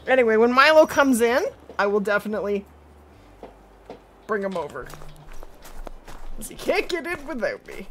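A woman's voice: on the high side, sing-song, moderate pace, pauses often, fairly bright tone, slight background noise. A woman chatting casually with her viewers while streaming a game from home, talking to her cat and laughing easily. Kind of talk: casual live-stream chat over gameplay.

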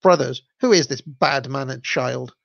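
A man's voice: medium pitch, measured pace, creaky, fairly bright tone, no room sound, dull audio. A man voicing an indignant little male brownie in a storybook reading, snapping and scolding.

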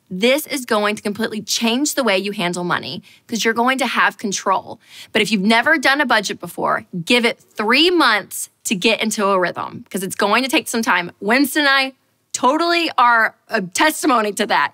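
Woman speaker, fairly high and bright, animated storyteller who repeats punchlines. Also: moderate pace. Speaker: personal finance speaker. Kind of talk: storytelling talk to an audience.

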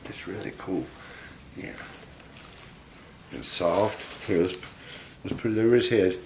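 A man's voice: sits low, unhurried, a little mellow, a little hiss or hum. A man hosting a casual unboxing vlog, chatty and fond, often talking to his pets. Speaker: pet monkey owner and channel host.

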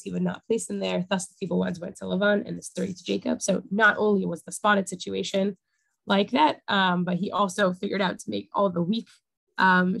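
A woman's voice: mid-range voice, vocal fry, a bit bright, no room sound, poor audio. A young woman teaching a casual Torah class, talking things through with many fillers. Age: young adult.

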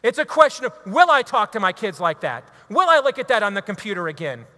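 A high, bright-toned man delivers a fervent talk to a live audience, pressing his points like a preacher. His voice rings out with a long reverb that trails each line. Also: big pitch swings, fast. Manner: preachy, emphatic, builds to loud exhortations. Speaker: radio talk show host giving a talk. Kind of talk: impassioned speech to a live audience.

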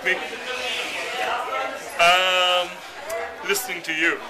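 A man's voice: high voice, little pitch movement, drawn-out words. A middle-aged man, answering politely and formally from the audience. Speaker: audience member. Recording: off-mic in a noisy crowd.

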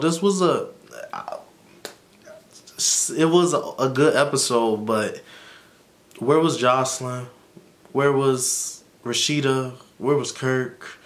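A man's voice: mid-range voice, fairly bright tone. A man giving a casual, rambling recap of a TV episode as a YouTube reviewer, frank about what he likes and dislikes. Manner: chatty, rambling, dismissive asides like "blah, blah, blah".

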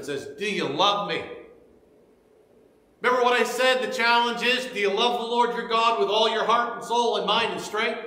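A man's voice: high-pitched, sharp tone, roomy sound, big-room sound, poor audio. A man preaching a sermon as pastor, earnestly retelling scripture and urging his listeners.

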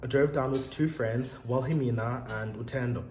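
A young South African vlogger tells a story while getting ready, chatting casually and laughing a lot. His voice is mid-range and somewhat dark in tone, at a moderate pace, with a roomy echo and faint room noise in the recording.

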